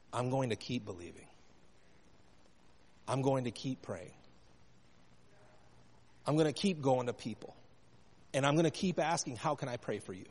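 Earnest preaching man in a reverberant hall. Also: fairly high pitch. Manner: earnest preaching, asks the congregation questions. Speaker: pastor. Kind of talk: sermon.

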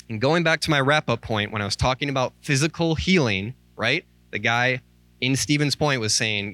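With a mid-range, sharp-toned voice at a moderate pace, a man delivers an informal church sermon as associate minister, candid and pleading, near tears, peppered with "like" and "um." It's recorded on a microphone with no room sound.

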